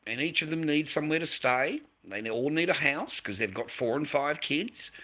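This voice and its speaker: Australian guy going off on a livestream, swearing a lot, bright sharp voice, keeps repeating himself. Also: a little high, lively intonation, moderate pace. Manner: aggressive, profane, repetitive, talks back to chat. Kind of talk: angry live-stream rant.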